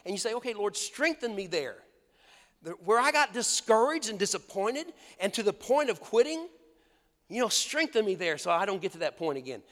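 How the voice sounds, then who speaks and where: A man in his sixties preaching a sermon as pastor, folksy and animated, laughing often and acting out the voices he quotes. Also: sits high. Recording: long hall reverb.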